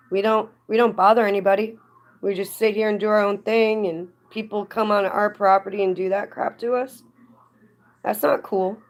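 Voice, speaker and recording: Chatty woman streaming casually. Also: medium pitch. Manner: chatty, rambling, indignant at times. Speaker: livestreamer. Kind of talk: casual live stream chat.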